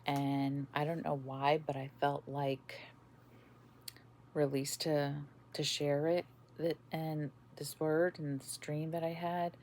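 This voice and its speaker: A woman podcast host telling about a dream in a casual, halting way, with many fillers and restarts. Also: sits low, flat delivery, darkish tone, a little hiss or hum. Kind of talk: casual spoken testimony.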